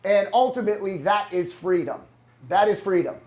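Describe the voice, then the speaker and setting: Guy with a high voice introducing a speaker, jokey, swears a lot. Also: normal speed, a little mellow. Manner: loose, profane, joking. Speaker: event host. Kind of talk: live event introduction. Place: conference room with live audience.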